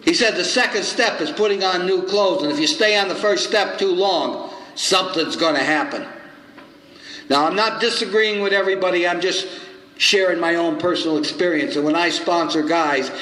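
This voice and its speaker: Older man telling a story in an echoey hall. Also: fairly high pitch. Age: 70s. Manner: animated storyteller acting out both sides of dialogue. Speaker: recovery circuit speaker. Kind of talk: storytelling talk at a recovery meeting. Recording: echoey hall with faint noise.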